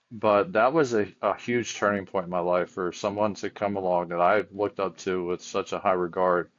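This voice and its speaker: A man, a firefighter and chaplain, talks earnestly in a casual podcast conversation, often restarting his sentences as he tells stories. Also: low voice. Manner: earnest storyteller with frequent restarts. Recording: dull lo-fi audio.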